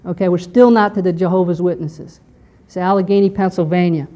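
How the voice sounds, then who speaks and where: A woman teaching a history lesson to a class, explaining step by step and often pausing to check in with "okay". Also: fairly low pitch, steady tone, dark tone. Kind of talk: lecture on church history.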